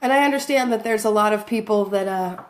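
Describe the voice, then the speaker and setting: A woman's voice: mid-range voice, brisk. Rambling woman vlogger, self-mocking. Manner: rambling, self-deprecating, laughs often. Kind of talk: casual talk to camera. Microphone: phone camera.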